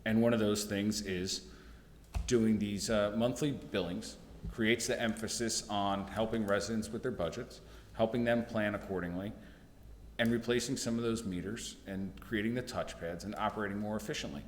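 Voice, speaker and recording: Lowish voiced guy explaining at a town meeting, earnest, echoey hall with long reverb. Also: steady tone, slight background noise. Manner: earnest, halting with fillers and restarts. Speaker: town utilities official.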